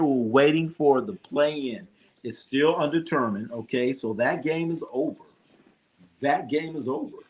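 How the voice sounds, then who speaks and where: A man hosting a live sports stream, rambling and swearing casually as he reacts to scores and talks to his chat. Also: mid-range voice. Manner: rambling, profane, talks to chat, tells jokey anecdotes. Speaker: sports livestream host.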